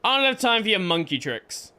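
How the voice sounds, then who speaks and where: A man voicing a gruff, impatient male warrior while reading video game dialogue aloud in a brisk, curt way. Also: sits high, big pitch swings, pushed and bright, full character voice.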